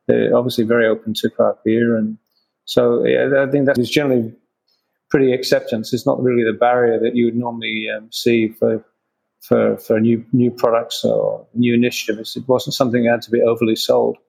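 Halting gravelly man. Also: mid-range voice, level tone, darkish tone, low-quality recording. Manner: halting, many restarts and fillers. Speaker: craft brewer, interview guest. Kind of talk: casual interview answers.

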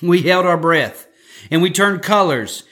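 A man's voice: sits high, a little slow, fairly bright tone. A man preaching a conversational sermon for a podcast, joking and often repeating words as he restarts his sentences. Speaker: pastor.

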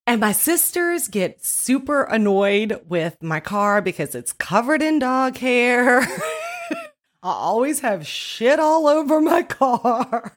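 A woman's voice: on the high side, fairly bright tone. A woman telling a funny personal story in an emphatic style, often laughing. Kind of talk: comic storytelling monologue.

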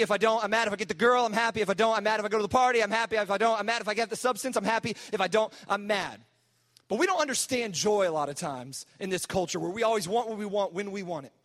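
A man preaching to teenagers as a youth pastor, animated and conversational. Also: high-pitched, long reverb tail. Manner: animated, conversational preaching with mock-whiny asides. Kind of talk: sermon to teenagers.

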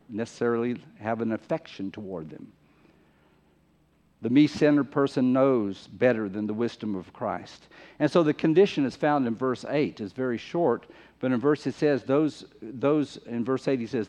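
A man preaching a sermon in an emphatic, conversational way, often repeating phrases for stress. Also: on the high side. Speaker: pastor. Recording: muffled lo-fi recording.

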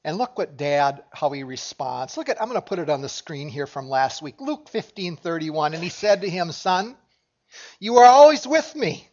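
A man's voice: fairly high pitch, expressive, normal speed, darkish tone, dull audio. A man preaching a sermon as pastor, talking in a conversational way and asking his congregation questions. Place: church sanctuary.

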